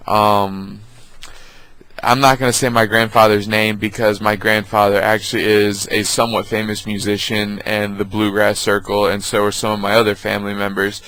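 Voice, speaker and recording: Low-voiced man telling family stories. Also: level tone, a bit bright, rough recording. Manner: halting, many ums. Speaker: vlogger. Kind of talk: casual storytelling.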